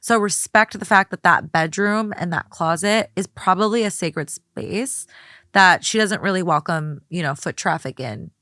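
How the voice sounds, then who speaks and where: A woman's voice: on the low side, normal speed, sharp tone, no room sound, studio quality. A woman co-hosting a podcast, blunt and sarcastic, swearing freely. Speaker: guest co-host. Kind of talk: casual podcast chat.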